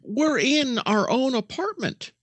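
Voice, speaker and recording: A man co-hosting a podcast in casual comedic chat, an animated storyteller who slips into other people's voices. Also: very high-pitched, slow, breathy edge, dry recording. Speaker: podcast co-host.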